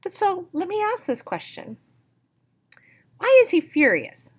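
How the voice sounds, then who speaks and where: A woman's voice: very high-pitched, huge pitch swings, a little slow. A woman teacher reading a picture book aloud and patiently explaining words step by step.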